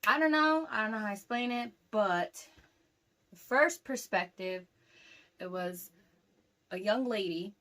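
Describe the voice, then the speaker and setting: A young woman casually telling a dream to camera, rambling with lots of fillers and getting animated as the story goes. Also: mid-range voice, unhurried, long pauses. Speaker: vlogger recounting a dream.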